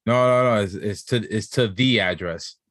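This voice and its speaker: A man's voice: lowish voice, moderate pace, a bit bright, dry recording, clean studio sound. Laid-back man hosting a podcast. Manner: laid-back, slangy, filler-heavy. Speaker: podcast co-host. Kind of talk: casual chat.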